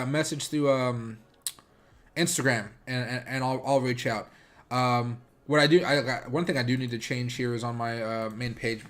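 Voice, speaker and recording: A man talks loosely and casually on a livestream, rambling through his thoughts. He fills his sentences with filler words, and his pitch sits in an ordinary middle range. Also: fairly bright tone. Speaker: livestream host. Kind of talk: casual livestream chat with viewers.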